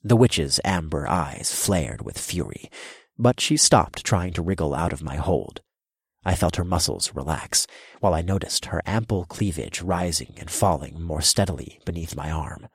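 A man giving measured first-person narration of a fantasy audiobook, turning commanding for his own character's lines. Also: low-pitched, expressive, gravelly, husky, no room sound, studio quality.

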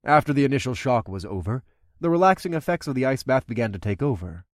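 A man's voice: medium pitch, big pitch swings, quick pace, dry recording, studio quality. A man narrating an adult fantasy audiobook, doing the main character's dialogue himself.

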